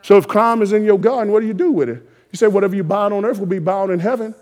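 Male preacher, high voice, fervent exhorting sermon delivery with loud peaks. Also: fast. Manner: exhorting, call-and-response rising to shouted emphasis.

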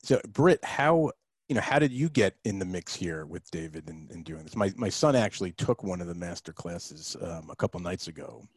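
A middle-aged man hosting a podcast, asking loose questions in a relaxed, casual way with plenty of fillers. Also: low-pitched, normal speed, dry recording. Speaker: podcast host. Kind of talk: casual interview chat.

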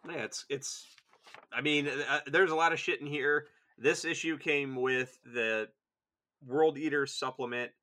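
A man's voice: medium pitch, steady tone, a little slow, pushed and bright. A man co-hosting a podcast in casual chat, rambling, profane and enthusiastic. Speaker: podcast co-host.

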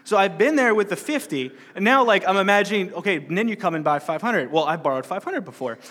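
A man whose voice sits high and fairly bright speaks quickly with lively intonation, teaching a Bible parable in a big-room setting. His sermon-style approach is conversational, and he performs the lines of the people he quotes.

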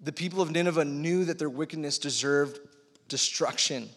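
A young man preaching a casual youth sermon as a youth pastor, energetic and slangy, telling the story with lively animation. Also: a little high, normal speed. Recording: long reverb of a large hall.

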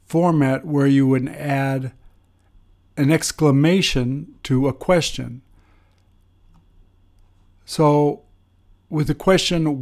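Male English teacher, slow and deliberate delivery, mid-range pitch, explanatory lesson tone. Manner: slow, deliberate, with pauses and fillers.

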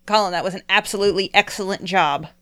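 Woman player, smooth clear voice, talkative, swears casually, narrates her character. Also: medium pitch, fast, a bit bright. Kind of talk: casual tabletop play chat.

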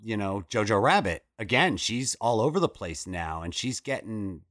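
A man's voice: on the low side, expressive, a bit bright, no room sound, clean studio sound. A man co-hosting a casual movie podcast, joking and swearing as he talks through a film. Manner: jokey, swearing, quick asides. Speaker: podcast co-host. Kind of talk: casual movie review chat.

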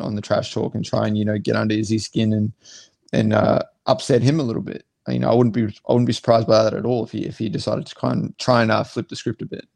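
A man's voice: lowish voice, vocal fry, a little mellow, dry recording. A man, a fighter co-hosting a podcast, rambling through casual fight analysis and repeating words as he thinks aloud. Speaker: co-host and fighter.

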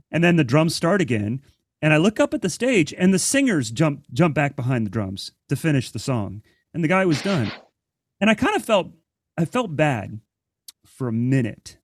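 A man from Central Ohio tells gig stories in a lively way and slips into other people's voices. His voice sits in the middle range and sounds close and dry, with no room around it. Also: medium pitch, dry recording. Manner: animated storytelling, acting out other people's voices. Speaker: working drummer in roundtable. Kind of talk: casual roundtable chat.

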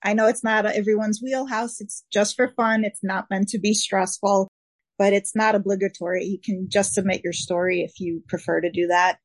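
A woman's voice: mid-range voice, steady tone, moderate pace, no room sound. A woman with a New York accent, co-hosting a podcast in casual, chatty talk and laughing easily. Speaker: podcast co-host. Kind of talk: casual chat.

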